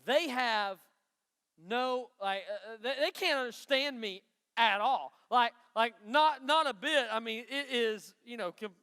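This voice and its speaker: A man's voice: extremely high pitch, a little slow, pushed and bright, clear, resonant tone. A man from Knoxville, Tennessee, with an East Tennessee country accent, giving a chatty, folksy youth sermon and asking the crowd questions. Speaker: youth pastor. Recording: long hall reverb.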